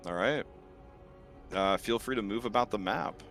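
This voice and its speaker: A man narrates a tabletop game as its game master. His voice is bright and forceful but pitched a little low, and he talks loosely with plenty of fillers. Faint music plays underneath. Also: moderate pace. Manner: relaxed, filler-heavy narration.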